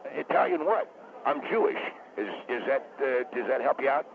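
A man's voice: medium pitch, huge pitch swings, normal speed. A man from Las Vegas calling in to a radio show, hesitant and full of restarts. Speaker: caller. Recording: gravelly tinny phone line with hiss.

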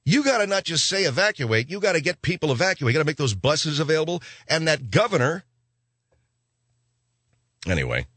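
A man's voice: a little high, fairly quick, pauses often, no echo. A man hosting a radio talk show, delivering a rambling comic monologue. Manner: rambling, animated, slips into mock voices.

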